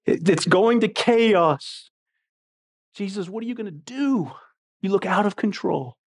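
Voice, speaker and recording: A man preaching a sermon in an animated, expressive way, swinging between excited bursts and quiet, hushed passages. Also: medium pitch. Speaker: pastor.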